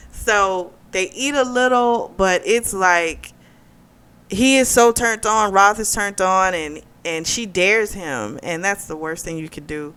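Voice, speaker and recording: A young woman hosting a book club video, retelling a plot in a chatty, animated way with frequent laughs and fillers. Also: fairly high pitch, a little slow, clean tone.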